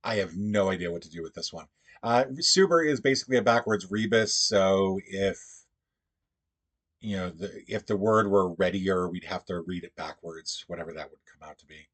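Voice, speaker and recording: A man hosting a casual livestream, thinking aloud in a halting, musing way as he works through puzzles. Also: low-pitched, fairly bright tone.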